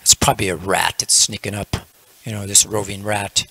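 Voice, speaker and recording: A man's voice: fairly low pitch, little pitch movement, moderate pace, vocal fry, pushed and bright, husky, voice pushed down, heavily acted. A man voicing an exasperated grumbling yogi. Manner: grumbling, put-upon. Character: fussy male yogi, easily exasperated.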